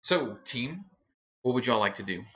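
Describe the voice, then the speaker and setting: Guy running a tabletop game, bright voice, easygoing with lots of uhs, muffled lo-fi audio. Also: mid-range voice, sing-song, normal speed. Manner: easygoing, hesitant narration with many fillers. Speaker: game master. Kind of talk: narrating a tabletop game for a livestream.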